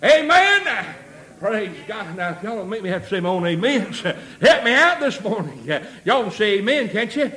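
A man preaching a sermon, building rhythmically into shouts with many amens and a habitual "uh" before phrases. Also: high voice, lively intonation, normal speed, hardly any pauses.

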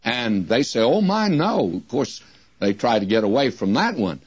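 An older man teaching the Bible as a radio preacher, slowing down and drawing out the words whenever he quotes scripture. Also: lowish voice, breathy edge, no room sound. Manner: slows to a drawn-out crawl when quoting scripture. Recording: muffled old radio broadcast recording.

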